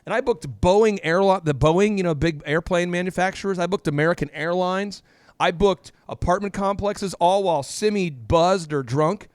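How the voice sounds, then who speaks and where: A man, a guest in an interview, telling a lively story and often jumping up in pitch. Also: normal speed, clean tone, no echo, studio quality. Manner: animated, jumps high in pitch.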